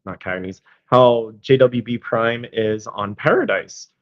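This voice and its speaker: A man's voice: medium pitch, unhurried, dull audio. A man co-hosting a casual live stream, easygoing and agreeable, reading viewer comments aloud.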